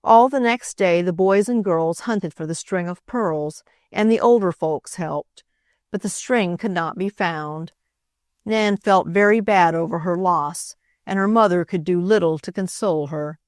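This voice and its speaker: A woman's voice: lowish voice, unhurried, dry recording, clean studio sound. Woman narrating a children's classic. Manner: expressive reading, voices each character. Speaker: audiobook narrator. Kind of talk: scripted narration.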